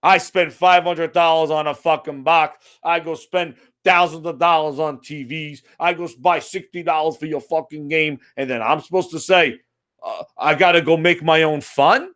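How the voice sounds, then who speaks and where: American guy with a high voice going off about a game, cursing constantly, fed up and sarcastic. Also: steady tone, moderate pace, fairly bright tone. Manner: profane, exasperated, sarcastic ranting. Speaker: gaming commentator. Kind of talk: ranting monologue.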